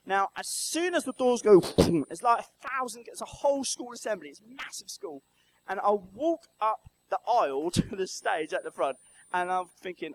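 A man from Brighton, giving a storytelling talk in church and quizzing the audience with questions. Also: sits high, very animated, normal speed, low-quality recording. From Brighton, England. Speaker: church speaker. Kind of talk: lively children's talk in church.

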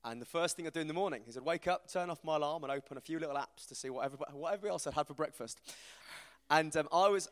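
A man, giving an informal, self-deprecating talk to a church group, animated as he tells stories. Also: a little high, racing. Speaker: preacher. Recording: reverberant hall.

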